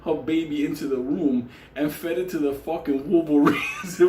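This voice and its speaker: A man's voice: on the high side, moderate pace, hardly any pauses, a little mellow, roomy sound, slight background noise. A man telling a profane, funny story on camera, swearing constantly and laughing through it. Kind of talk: casual profane anecdote. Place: indoor room on camera.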